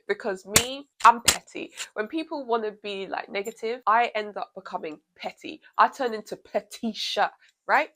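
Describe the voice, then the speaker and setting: A woman vlogger telling a storytime tale in an animated, sassy way. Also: medium pitch. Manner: animated, sassy, laughs often. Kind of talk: storytime vlog.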